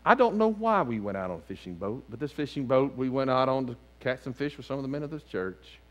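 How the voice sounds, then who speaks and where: A lead pastor preaches a sermon in a church sanctuary, animated and swinging between loud outbursts and hushed lines. He has a mid-range voice and talks fast.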